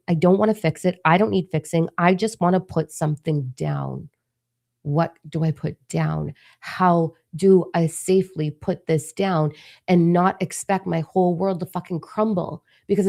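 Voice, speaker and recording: A middle-aged woman, a spiritual vlogger, speaks from her living room in a raw, emphatic confessional monologue, swearing freely as she opens up. Her voice is lowish, gravelly and warm.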